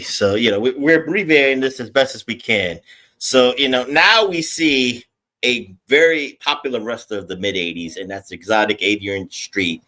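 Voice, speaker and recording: Bright, emphatic male podcast host. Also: medium pitch. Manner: lively, emphatic, quizzing his co-host. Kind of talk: casual chat.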